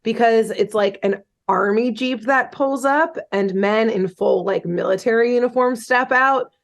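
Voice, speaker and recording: A woman's voice: fairly high pitch, a little slow, vocal fry. A woman podcast host casually retelling a cartoon episode, chatty and loose, with lots of "um" and "like" and the odd swear word. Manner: chatty, swearing, many fillers like "um" and "like".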